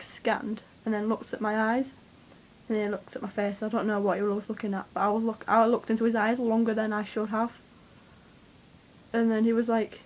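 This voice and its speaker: A young woman, telling a rambling, excitable story to camera, swearing freely and with lots of fillers. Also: on the high side, low-quality recording. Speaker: vlogger.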